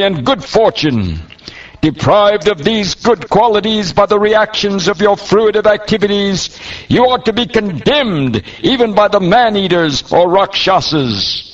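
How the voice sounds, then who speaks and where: A man's voice: high voice, voice pushed up. A man voicing a furious, vengeful male demon warrior who speaks in a scornful, declamatory way. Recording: dull lo-fi audio.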